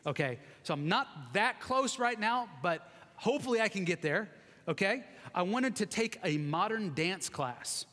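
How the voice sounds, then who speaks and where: A man's voice: sits high, lively intonation, unhurried, sharp tone. A man in his forties giving a chatty, self-deprecating sermon, joking with the congregation in a large church sanctuary. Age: 40s. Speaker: guest preacher. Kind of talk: conversational sermon. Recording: long reverb of a church hall.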